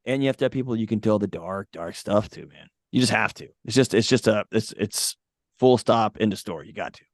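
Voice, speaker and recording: A man's voice: fairly low pitch, fairly quick, dry recording, clean studio sound. A man talking as a podcast guest, giving blunt, emphatic advice in a casual way. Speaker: podcast guest, mental health author.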